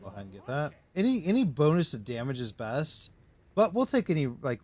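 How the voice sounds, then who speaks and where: A man's voice: fairly high pitch, sing-song, fairly quick, a little mellow, no echo. A man streaming a game live, rambling through casual commentary to himself and his chat.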